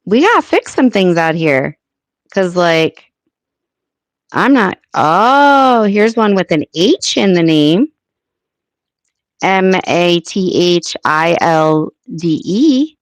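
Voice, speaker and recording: An American woman hosting a casual live chat with her viewers, thinking aloud and filling pauses as she works things out. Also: lowish voice, big pitch swings, no room sound. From United States. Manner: chatty, thinking aloud with many fillers. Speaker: livestream host.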